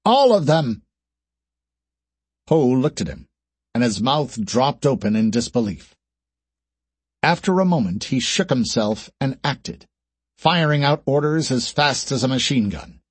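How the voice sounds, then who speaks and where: A man narrates an action audiobook in a steady, measured voice of middle pitch. His tone is husky, and the recording is dry and close. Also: no room sound. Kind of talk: scripted narration.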